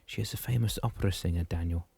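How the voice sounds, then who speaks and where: A man doing a calm, encouraging mother. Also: low voice, fast, creaky, slightly rough, dry recording, heavily acted. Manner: soft, encouraging.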